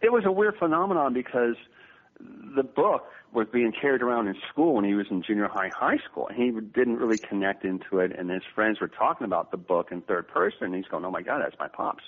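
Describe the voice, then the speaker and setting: Husky man in his fifties on a phone line. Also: medium pitch, lively intonation, fairly quick. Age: 50s. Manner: jokey, does impressions, repeats words. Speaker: guest. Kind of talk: animated storytelling interview. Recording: tinny phone-line audio.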